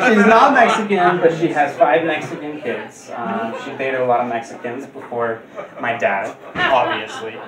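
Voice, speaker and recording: A man performs stand-up comedy on a club stage, his voice sitting at an ordinary pitch. He jumps higher and louder on his punchlines. The sound is roomy and heard from some way off the mic. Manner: jumps high and loud on punchlines. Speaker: stand-up comic. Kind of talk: stand-up routine. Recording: roomy and distant. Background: audience laughter.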